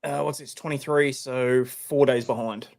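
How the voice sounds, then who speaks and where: A man's voice: medium pitch, steady tone, normal speed, vocal fry, a little mellow. A man, a guest streamer chatting in a laid-back, rambling way. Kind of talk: casual livestream chat.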